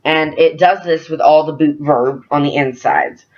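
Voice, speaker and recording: A young man tutoring French verbs in a loose, chatty way, filling pauses with ums and uhs. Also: fairly high pitch, darkish tone. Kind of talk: casual screen-recorded lesson. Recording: dull lo-fi screen recording.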